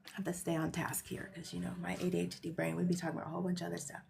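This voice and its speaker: Woman host, casual livestream monologue; gravelly fry, animated, rambling, emphatic. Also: fairly low pitch, rapid-fire, a little hiss or hum. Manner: rambling, emphatic, tags lines with "okay?"; animated, jumps between loud and hushed.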